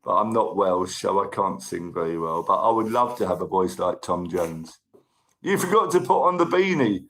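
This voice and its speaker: A man's voice: low voice, lively intonation, normal speed, fairly bright tone, poor audio. A man hosting a casual livestream, chatting with viewers and thanking them by name, with a tickly cough. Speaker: livestream host. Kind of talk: casual live chat reading viewer comments.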